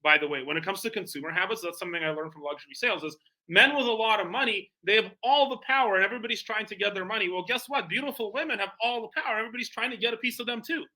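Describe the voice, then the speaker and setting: A man speaking at a fast clip with a bright, forceful tone that sits a little high. He tells sales stories as an interview guest with a salesman's energy, leaning on plenty of fillers. His voice stays punchy and quick. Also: low-quality recording. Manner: lively salesman telling anecdotes with lots of fillers. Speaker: guest, bespoke tailor and entrepreneur. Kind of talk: animated storytelling in conversation.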